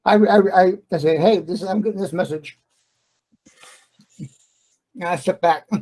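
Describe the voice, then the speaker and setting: A man playing a tabletop game, describing his character's moves in an animated way. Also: sits high, a little slow, low-quality recording. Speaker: player.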